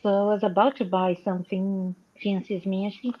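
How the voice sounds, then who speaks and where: A woman's voice: medium pitch, moderate pace, muffled recording, slight background noise. A woman with a non-native English accent, hosting a casual live chat and acting out the calls she tells about. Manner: animated storyteller, acts out quoted dialogue. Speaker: livestream host.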